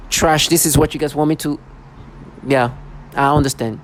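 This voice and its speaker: Man, ranting, emotional, repetitive, slightly high voice, faint traffic behind. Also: fairly even intonation, normal speed. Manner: emotional, repetitive, mocks others in put-on voices. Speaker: vlogger. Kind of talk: agitated personal rant. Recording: faint street noise, vehicles.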